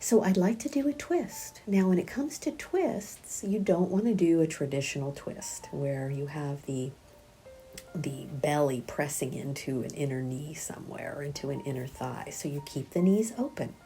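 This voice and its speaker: A middle-aged woman teaching a prenatal yoga class, speaking gently and softly, often half-whispered, and counting breaths aloud. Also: deep voice, normal speed, faint music behind. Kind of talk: guided yoga class instruction.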